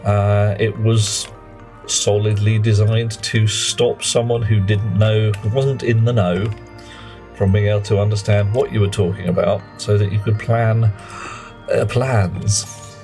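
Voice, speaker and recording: A man's voice: lowish voice, fairly even intonation, unhurried, darkish tone, faint music behind. A man streaming a game, chatting in a rambling, self-mocking way. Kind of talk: live gameplay commentary and chat.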